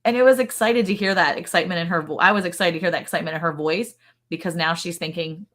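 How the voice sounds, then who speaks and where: Chatty woman host, low-pitched. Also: fast. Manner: chatty, animated storytelling. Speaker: podcast host. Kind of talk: casual livestream chat.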